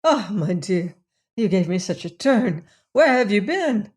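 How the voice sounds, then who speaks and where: A woman's voice: medium pitch, very animated, unhurried, darkish tone, pitched above the performer's own voice. A woman voicing a frightened, fussy older housekeeper who talks in a quavering, fretful way. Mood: startled.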